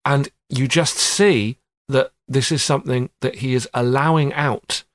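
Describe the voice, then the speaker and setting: A middle-aged man talking thoughtfully with a wry edge, in a relaxed podcast chat. His voice is mid-pitched and recorded dry and close. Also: unhurried, dry recording. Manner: thoughtful, wry, quotes film lines. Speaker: guest, actor and writer. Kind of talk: casual podcast conversation.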